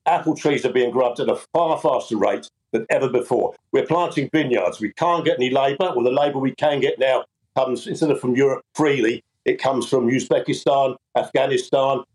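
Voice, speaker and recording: A man's voice: mid-range voice, fairly quick, darkish tone, poor audio. Earnest, emphatic male farmer. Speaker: fruit farmer.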